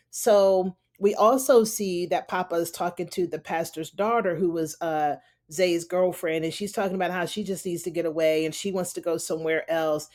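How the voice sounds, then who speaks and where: A woman's voice: on the low side, moderate pace, a little mellow. A woman recapping a TV episode in a loose, chatty way, full of "you know" and "honey". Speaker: TV recap reviewer. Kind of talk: casual spoken episode recap.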